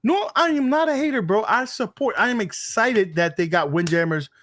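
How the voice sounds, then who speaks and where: A man co-hosting a casual gaming podcast, joking and swearing through animated banter. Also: high-pitched, moderate pace, a little hiss or hum. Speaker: podcast co-host.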